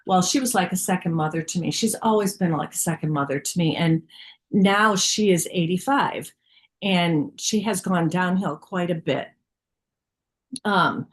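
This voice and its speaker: A woman's voice: lowish voice, unhurried. A woman sharing a personal story in a casual spiritual group, candid and chatty with many fillers.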